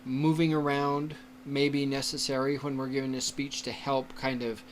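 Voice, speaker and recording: A man lecturing on public speaking in a slow, explanatory way, often checking in with "okay?" and laughing now and then. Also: mid-range voice, level tone, slight background noise. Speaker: teacher.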